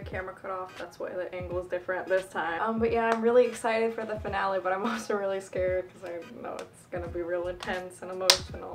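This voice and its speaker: Chatty girl vlogging, bubbly and emotional, laughs a lot, lots of ums, mid pitch. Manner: lots of fillers and self-corrections. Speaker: fan channel vlogger. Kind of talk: casual chatty vlog.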